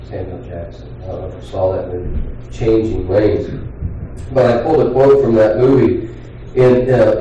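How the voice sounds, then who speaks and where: Male pastor, earnest conversational sermon, mellow tone, booming echoey church, mic at a distance. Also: slight background noise. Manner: earnest, conversational preaching with pauses and restarts. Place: church sanctuary. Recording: very echoey hall, voice from far off.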